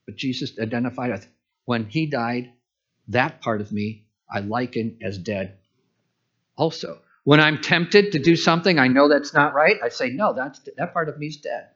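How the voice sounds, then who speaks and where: A man's voice: mid-range voice, moderate pace, a bit bright. A pastor preaching a conversational sermon, asking rhetorical questions and voicing his own inner thoughts. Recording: dull lo-fi church sermon recording.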